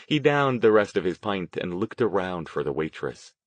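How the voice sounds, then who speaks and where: A man narrating an audiobook with expressive storytelling. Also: sits low, normal speed, dry recording. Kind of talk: scripted narration.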